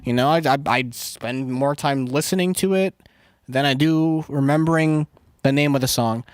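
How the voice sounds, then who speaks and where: A man's voice: mid-range voice, normal speed, clean tone, no room sound, clean studio sound. A man streaming casually and rambling to his chat, loose and profane, with lots of filler words. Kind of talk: casual chat, answering live chat.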